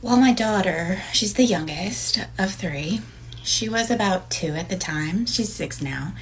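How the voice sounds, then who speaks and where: An animated mother tells a story, her pitch swooping up and down. A faint hiss sits behind her voice. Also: a little slow, poor audio. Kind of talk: casual storytelling.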